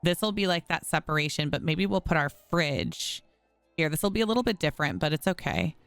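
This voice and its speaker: Deep and creaky, her voice swings widely in pitch and moves fairly quickly, with no room sound and faint music in the background. The woman is a streamer giving casual commentary on a home-building game, chatty and often fed up, talking to viewers as y'all.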